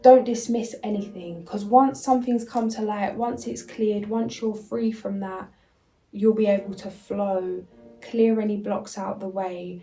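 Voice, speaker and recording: A woman's voice: medium pitch, fairly even intonation, measured pace, warm tone, faint music behind, rough recording. A woman doing a casual spiritual card reading, reading card messages aloud and then chatting loosely with fillers. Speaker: tarot and oracle card reader.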